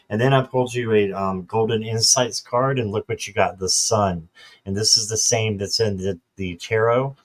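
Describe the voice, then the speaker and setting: A man giving a casual tarot card reading, relaxed and hesitant, with many fillers. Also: on the low side, normal speed.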